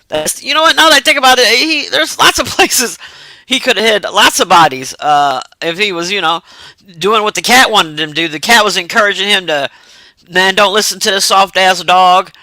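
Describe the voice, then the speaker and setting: Rambling man recapping a movie, bright voice. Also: high-pitched, no echo, rough recording. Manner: rambling, profane, laughs often. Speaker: movie reviewer. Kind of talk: casual film recap.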